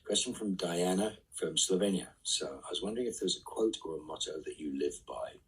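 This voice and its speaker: A man reading fan questions aloud and answering them casually in a live online Q&A, often trailing off into soft asides. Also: low-pitched, lively intonation, a little fast, breathy edge, distant mic, rough recording.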